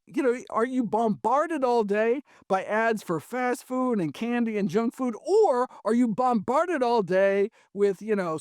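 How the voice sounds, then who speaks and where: A man, a physician guest, answering in an animated, emphatic conversational style, often tagging points with "right?". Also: sits high, no room sound, studio quality. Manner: animated, emphatic, frequent "right?" and "you know".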